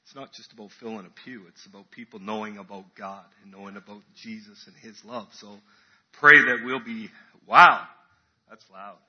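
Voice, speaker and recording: A man's voice: fairly low pitch, flat delivery, a little fast, few pauses, breathy edge, dull audio. A man preaching a casual, chatty sermon in church, acting out crowd voices as he tells the story.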